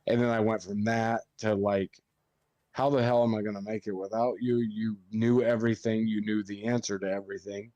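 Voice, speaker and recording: A man's voice: fairly low pitch, dark tone, no echo. A man who works as a funeral director, chatting on a podcast and swearing freely as he tells stories. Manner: swears a lot while telling stories. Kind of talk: casual podcast chat.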